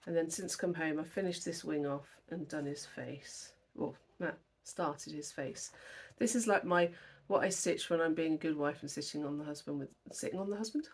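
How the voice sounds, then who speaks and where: Sitting at her dining table at home, a young flosstube host talks to the camera about her cross-stitch work in a rambling, emotional way. Her low-pitched voice moves at a normal speed with hardly any pauses.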